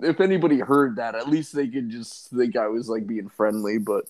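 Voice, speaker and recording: A man's voice: mid-range voice, moderate pace, darkish tone. A man co-hosting a podcast, telling a story in casual chat, with a filler-heavy, self-mocking manner. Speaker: podcast co-host.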